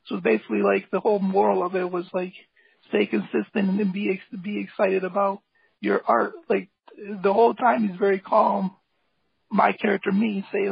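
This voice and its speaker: A man's voice: sits high, level tone, moderate pace, creaky, breathy edge. A man guest talking casually and eagerly about his music, rambling with lots of fillers. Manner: rambling, filler-heavy, enthusiastic. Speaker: guest, hip hop artist and graphic designer. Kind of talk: casual interview talk. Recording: dull lo-fi call audio, dry.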